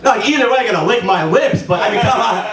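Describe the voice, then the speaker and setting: Doing a loose, profane open-mic set in a small comedy club, a man in his twenties rambles along in a high, expressive, slightly bright voice, talking fast. The sound is roomy, recorded from a distance.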